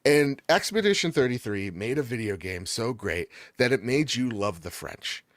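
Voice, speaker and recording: Jokey excited guy rambling about games, normal mid voice, dead dry mic. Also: mid-range voice, normal speed, no echo. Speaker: gaming podcast co-host. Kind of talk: casual chat.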